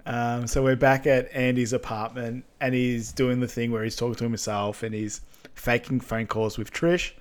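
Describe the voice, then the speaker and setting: A man co-hosting a casual film recap podcast, recounting scenes in a relaxed way with many fillers. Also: medium pitch, moderate pace, smooth. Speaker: podcast co-host.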